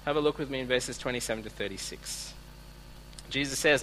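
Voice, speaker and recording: Bright-voiced man preaching a sermon. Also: medium pitch, brisk, a little hiss or hum, low-quality recording. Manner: earnest preaching, reads scripture aloud, swings between soft and emphatic. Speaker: pastor.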